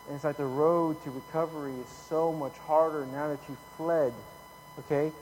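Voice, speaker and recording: A man preaching a casual sermon, folksy and chatty, tagging lines with "okay?" and getting louder when he reads scripture. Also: a little high, steady tone, moderate pace, a little hiss or hum, low-quality recording. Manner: folksy, repeats "okay?" often, rises loud when reading scripture. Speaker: pastor.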